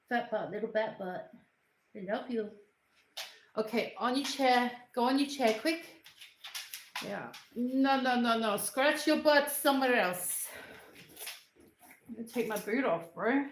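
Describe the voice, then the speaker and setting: A woman's voice: a little high, unhurried, long pauses, roomy sound, slight background noise. A woman hosting a casual livestream from home, chatting loosely and cooing at and scolding her dog. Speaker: livestream host. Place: at home, indoors.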